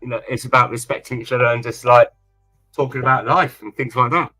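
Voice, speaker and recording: A man's voice: medium pitch, steady tone, fast, sharp tone, faint music behind. A man from England, co-hosting a livestream in rambling, casual chat and repeating himself often. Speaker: livestream co-host.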